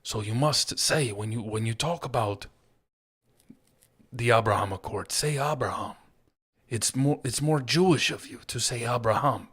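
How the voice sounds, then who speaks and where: A man's voice: mid-range voice, moderate pace, a bit bright, husky. A man putting on the voice of a smug, coaxing older statesman who lectures in a patronizing way.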